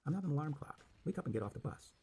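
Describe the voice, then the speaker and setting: A man's voice: fairly high pitch, lively intonation, very fast, dark tone, breathy edge, voice pushed up. A man voicing a blunt, impatient bus driver in a spoken ghost story.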